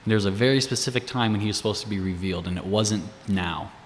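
A man with a fairly low voice walks through scripture in a relaxed, conversational way, posing rhetorical questions as he explains. His voice rings with a long hall reverb. A faint ambient hum sits underneath. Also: fast talker. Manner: casual and explanatory, asks rhetorical questions, chuckles between points. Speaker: Bible teacher. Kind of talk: conversational Bible teaching.

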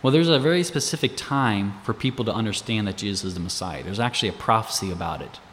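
A man with a fairly low voice walks through scripture in a relaxed, conversational way, posing rhetorical questions as he explains. His voice rings with a long hall reverb. A faint ambient hum sits underneath. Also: fast. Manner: casual and explanatory, asks rhetorical questions, chuckles between points. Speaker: Bible teacher. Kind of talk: conversational Bible teaching.

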